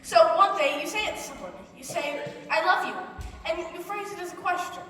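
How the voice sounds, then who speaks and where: A woman's voice: very high voice, a little fast, sharp tone. A woman playing a wry, rambling male musical fan, confiding asides to the audience on stage. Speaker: narrator character. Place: theater stage. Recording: distant echoey stage recording.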